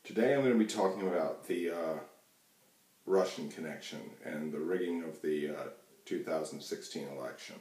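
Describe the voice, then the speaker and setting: A man's voice: deep voice, moderate pace, a little mellow. A man hosting his own channel, ranting about politics in a rambling, profane way with lots of fillers and restarts. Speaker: channel host. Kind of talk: casual political rant to camera. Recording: echoey room, mic far off.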